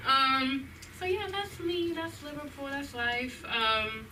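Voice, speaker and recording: Young woman, high voice, awkward and giggly, stand-up, distant noisy club recording. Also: slow pace, bright, forceful tone. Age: young adult. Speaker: stand-up comic. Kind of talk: open mic stand-up. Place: comedy club stage.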